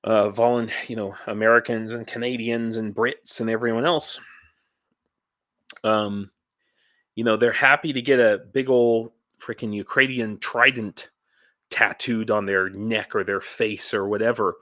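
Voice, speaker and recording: A man talking casually on his vlog, halting and rambling with many restarts, tired and dehydrated, blunt and ranty. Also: on the low side, fairly even intonation, pushed and bright, no echo, clean studio sound. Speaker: YouTuber and volunteer in Ukraine.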